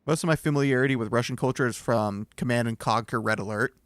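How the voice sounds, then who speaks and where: A man's voice: medium pitch, quick pace, no room sound. Casual man streamer, dry close mic. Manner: chatty, self-deprecating, rambling asides.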